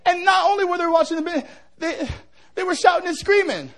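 A middle-aged male pastor preaches a revival sermon, joking with the crowd and building up to shouts. He speaks briskly in a very high voice.

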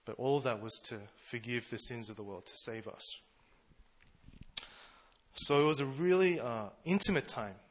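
A man preaching a casual, conversational sermon, chatty and quick to laugh at himself. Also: medium pitch. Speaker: preacher, church treasurer.

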